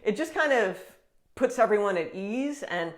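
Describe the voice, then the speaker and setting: An American woman talking casually to camera as a vlogger, chatty and animated, with frequent quick laughs. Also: mid-range voice. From United States.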